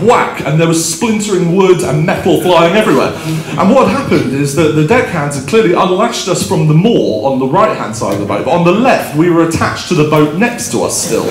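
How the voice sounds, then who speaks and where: A man in his thirties gives a chatty, self-deprecating conference keynote, telling a story with frequent ums and laughing at himself. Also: a little high. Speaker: keynote speaker. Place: conference hall stage. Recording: roomy hall, faint background ambience.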